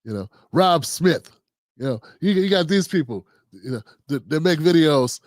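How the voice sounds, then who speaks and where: A livestream host from Maryland, USA, speaks in a slightly high, somewhat mellow voice with lively intonation and a moderate pace, recorded dry. Talking casually in a monologue, he frequently asks "you know what I'm saying."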